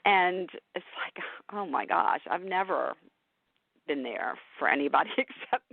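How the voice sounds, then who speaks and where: A woman's voice: lowish voice, measured pace, vocal fry, slightly rough. A middle-aged woman talks openly and with feeling in a casual interview. Her voice comes through a tinny, phone-like line. The sound is dry and close, with no room echo. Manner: emotional, candid, animated storytelling with laughs. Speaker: podcast host and caregiver guest.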